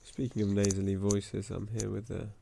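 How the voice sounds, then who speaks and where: A man voicing a soft-spoken old professor puppet with a congested, nasal voice. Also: fairly low pitch, level tone, normal speed, vocal fry, a little hiss or hum. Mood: genteel.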